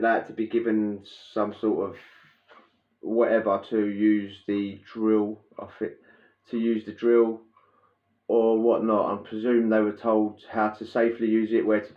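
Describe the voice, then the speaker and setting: A man telling a prison story in a casual, animated way, laughing and acting out the scene with sound effects. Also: lowish voice. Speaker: podcast host telling prison stories. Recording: roomy, dull lo-fi sound.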